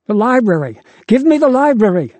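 A man voicing a malicious little boy in a clown suit, shrill and spiteful in a storybook reading. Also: very animated, brisk, a little mellow, no room sound. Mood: desperate. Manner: shrill, pleading then spiteful.

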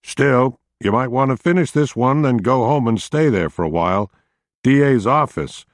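A man voicing a friendly, slightly awkward male state trooper with an upstate New York accent, speaking in a folksy, halting way. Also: mid-range voice, animated, no echo, studio quality, voice pushed up, lightly acted. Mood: friendly, uneasy.

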